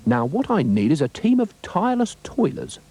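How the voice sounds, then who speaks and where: A man putting on a pompous, self-important dog from a children's story, raised in pitch and mellow in tone, with soft music faint behind him. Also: big pitch swings, moderate pace. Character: pompous, greedy male dog.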